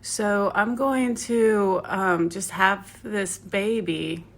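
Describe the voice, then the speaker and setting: A woman's voice: mid-range voice, very slow. A woman voicing a dying empress who talks in casual modern slang and teases her husband. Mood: worried.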